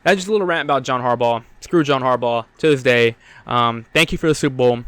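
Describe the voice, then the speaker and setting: Young man, podcast host, winded, rambling and blunt, mid pitch, crisp voice. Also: fast talker, a bit bright, no room sound. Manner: rambling, filler-heavy, blunt and profane. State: out of breath. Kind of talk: solo sports podcast rant.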